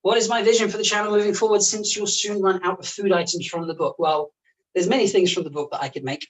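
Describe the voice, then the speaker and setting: A chatty chef hosting a charity livestream talks casually from a home kitchen with the oven on, laughing often while busy cooking. The voice is mid-range with fairly even intonation and a quick pace, picked up off-mic from a distance.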